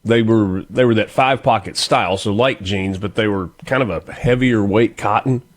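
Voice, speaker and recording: A man's voice: lowish voice, moderate pace. A man hosting a morning radio talk show, chatting casually and reading birthdays and sponsor spots. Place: radio studio.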